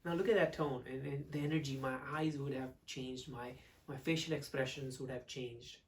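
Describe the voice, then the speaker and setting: Male speaking coach, mid pitch, lively demonstrative delivery, mic set back from him. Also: moderate pace, recorded from a distance, slight background noise. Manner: expressive, swings between loud and hushed delivery to demonstrate. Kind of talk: teaching talk to camera.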